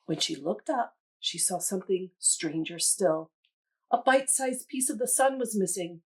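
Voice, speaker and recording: A woman museum educator reading a children's storybook aloud in an animated, teacherly way. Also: mid-range voice, moderate pace, breathy edge.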